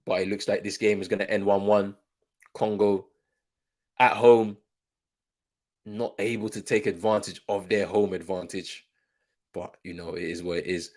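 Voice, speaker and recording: A low-voiced man hosts a live football watchalong stream. He talks in a relaxed, chatty way, calling the play and reading out viewers' comments as he goes. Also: moderate pace, pauses often.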